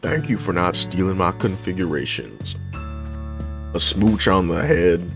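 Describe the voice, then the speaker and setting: Folksy cowboy put on by a male streamer: a put-on American country drawl, low and unhurried, with lively ups and downs. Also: gravelly, music in the background, full character voice. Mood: folksy joking.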